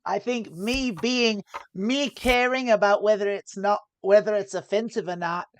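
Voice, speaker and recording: A woman offers live play-and-explain poker commentary, thinking through hands aloud and restarting sentences often. She speaks a little slowly at medium pitch, with slight background noise.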